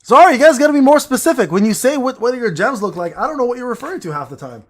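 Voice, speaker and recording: A man talks through a game on a livestream, teasing his chat with crude jokes and rambling asides. His voice sits high and swings widely up and down, full of playful bounce. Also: lively intonation, fast talker. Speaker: gaming streamer reading chat. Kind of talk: casual livestream chatter while playing.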